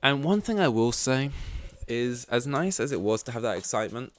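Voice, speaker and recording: A man's voice: medium pitch, lively intonation, moderate pace. A man hosting a podcast in casual chat, rambling with lots of fillers and swearing. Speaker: podcast host.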